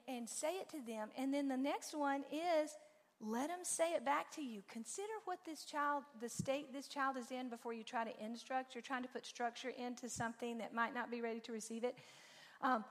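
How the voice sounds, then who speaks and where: A woman giving a lively, informal talk to a church parenting group, acting out her own stories as she goes. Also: sits high. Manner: animated storytelling, acts out her own lines. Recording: long reverb in a large room.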